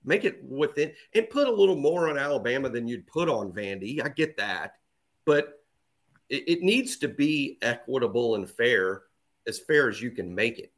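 A man's voice: mid-range voice, animated, normal speed. A man co-hosting a sports podcast, talking in an opinionated, emphatic way and repeating his points for emphasis. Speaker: podcast co-host. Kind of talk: casual sports podcast chat.

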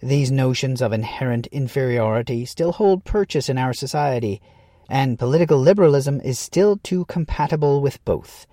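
A man narrating a scripted essay in a measured, earnest way, leaning into quoted lines. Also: mid-range voice, expressive, dark tone, no echo, clean studio sound.

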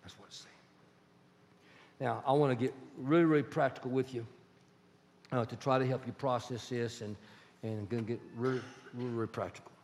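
Animated male pastor preaching in a hall. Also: mid-range voice, brisk. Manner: animated, conversational preaching with acted-out dialogues. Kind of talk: sermon. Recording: long church hall reverb.

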